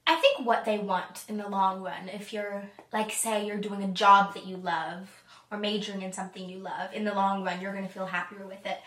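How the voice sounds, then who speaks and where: A woman guest answers questions in a thoughtful, earnest way during a relaxed conversation. Her voice echoes in a roomy space. The mic sits at some distance from her. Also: mid-range voice, normal speed. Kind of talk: casual chat.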